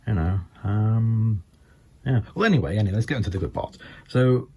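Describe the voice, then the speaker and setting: An older man with a Scouse accent doing deadpan stand-up storytelling, halting with many ums and you-knows. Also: on the low side, husky. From England. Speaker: stand-up comedian.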